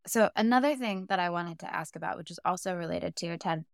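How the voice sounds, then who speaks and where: A woman's voice: on the low side, fast talker, vocal fry, clean tone, no echo, studio quality. A woman hosting a podcast interview, asking attentive, encouraging questions. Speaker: podcast host.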